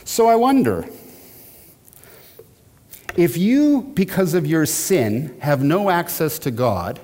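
Man, lecturer, lively up-and-down delivery, repeats and restarts, long hall echo. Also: a little high, slow pace. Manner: animated, repeats words and restarts, asks the listeners questions. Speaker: teacher of church history. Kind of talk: lecture on Reformation history.

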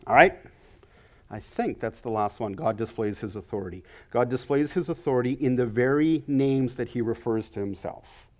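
A man's voice: medium pitch, normal speed. A man teaching a Bible lesson in an earnest way, often stammering and repeating words as he explains.

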